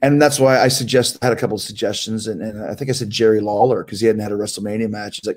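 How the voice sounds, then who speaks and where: A middle-aged man hosting a show, telling long rambling stories and answering listener questions in a loose, swearing, animated way. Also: lowish voice, quick pace, few pauses. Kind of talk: casual storytelling chat.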